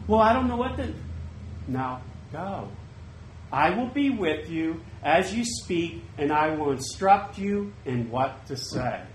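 Animated high-voiced preacher in echoey room. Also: male voice, measured pace, few pauses, a little hiss or hum. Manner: animated, swings from loud bursts to hushed asides. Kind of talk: sermon.

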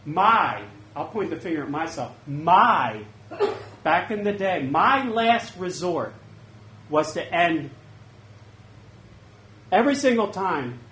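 A man preaching a sermon, swinging from loud bursts to hushed asides. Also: a little high, very animated, takes it slowly, long pauses, echoey room, low-quality recording.

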